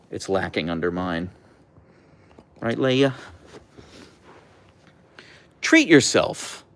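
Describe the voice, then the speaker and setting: A man hosting a casual livestream, playfully talking to his husky and reading chat, his pitch jumping up when he baby-talks the dog. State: sleep-deprived. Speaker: livestream host with pet huskies.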